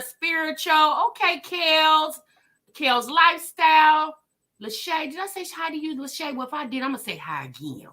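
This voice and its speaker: Lively high-voiced woman livestream host. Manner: chatty, greets viewers by name, sassy asides. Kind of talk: casual livestream commentary.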